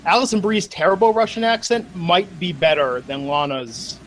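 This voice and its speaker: Male host, a bit high-pitched, easy conversational chat. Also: normal speed, fairly bright tone, a little hiss or hum. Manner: conversational, steering topics, fillers. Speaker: wrestling podcast host. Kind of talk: casual chat.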